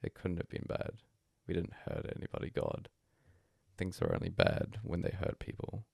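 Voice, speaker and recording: Low husky guy reading a bedtime story, lots of fry, voice swings way up and down. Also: big pitch swings, moderate pace, no room sound, clean studio sound. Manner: hushed, breathy first-person monologue. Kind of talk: soft-spoken story reading.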